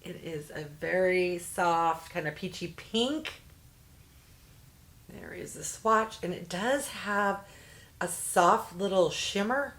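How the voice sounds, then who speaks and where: A woman's voice: on the low side, takes it slowly, fairly bright tone. A middle-aged woman chatting casually as she unboxes beauty products, easily delighted and making jokey asides. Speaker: unboxing vlogger.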